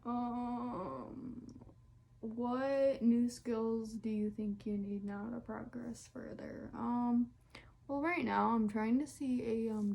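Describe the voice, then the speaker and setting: A woman's voice: medium pitch, vocal fry, dark tone. A young woman answering questions in a casual solo vlog, chatty and candid with lots of fillers, sometimes dropping to a near whisper. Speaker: vlogger.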